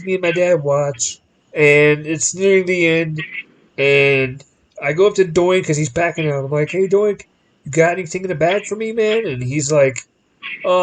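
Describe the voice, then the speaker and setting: A man's voice: on the high side, rough recording. A man hosting a podcast, telling a long story in casual chat and acting out the people in it with changing voices, often restarting his sentences. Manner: animated, acts out quoted people in different voices; rambling with frequent restarts. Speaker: podcast host.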